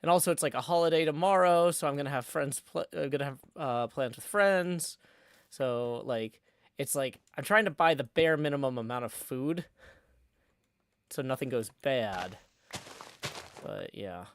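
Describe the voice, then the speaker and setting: A man's voice: mid-range voice, normal speed, smooth, dry recording, studio quality. A middle-aged man casually chatting on a live stream call, rambling and self-deprecating. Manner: rambling, self-deprecating, frequent restarts and fillers. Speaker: streamer hosting a group chat. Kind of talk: casual chat.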